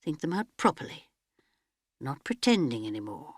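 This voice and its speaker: A woman's voice: deep voice, very animated, normal speed, no echo. Woman reading an audiobook, dramatic, whispers a lot, dry close sound. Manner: dramatic, often dropping to a whisper. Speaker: audiobook narrator. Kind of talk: audiobook narration.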